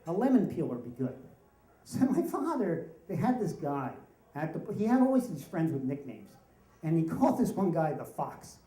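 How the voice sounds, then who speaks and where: A man's voice: on the high side, normal speed. Wry male storyteller in a roomy hall. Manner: wry, animated storytelling with voiced quotes. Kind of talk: live story slam telling. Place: stage in a room with an audience.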